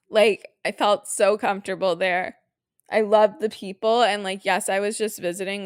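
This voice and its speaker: A woman's voice: on the low side, no room sound. Young canadian woman teary on her podcast, gushy, says like a lot, dry close sound. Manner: emotional, gushing, lots of "like" and "um". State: teary, near crying. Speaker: podcast host. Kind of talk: casual solo podcast chat.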